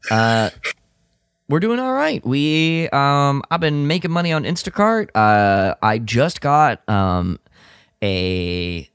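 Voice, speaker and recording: A man's voice: mid-range voice, big pitch swings, takes it slowly, fairly bright tone, clean tone, dry recording. A man co-hosting a podcast in casual chat, hesitant and full of fillers. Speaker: podcast co-host.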